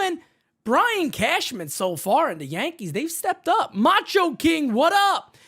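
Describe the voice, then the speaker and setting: A man hosting a baseball fan live stream from his home setup, hyped and shouting out viewers in the chat by name. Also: very high-pitched, huge pitch swings, unhurried. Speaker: baseball fan show host.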